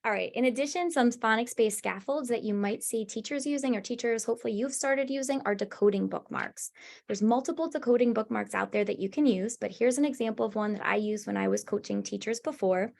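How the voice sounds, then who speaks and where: A woman presents a webinar on teaching reading. Her voice sits a little high and has a gravelly, creaky edge. She talks teachers through each strategy in a conversational, instructive way. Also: a little fast, darkish tone. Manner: explains step by step, conversational and instructive. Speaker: former classroom teacher and coach.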